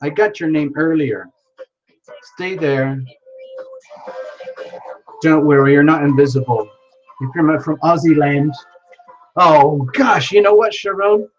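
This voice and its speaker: A host on a live stream, talking slowly but excitedly, greeting viewers one by one and hurrying to keep up with the chat. The audio is a bit dull and lo-fi. Soft music plays faintly behind the voice. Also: mid-range voice. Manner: excitable, many exclamations, reads viewer names aloud while scrambling to keep up. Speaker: livestream host.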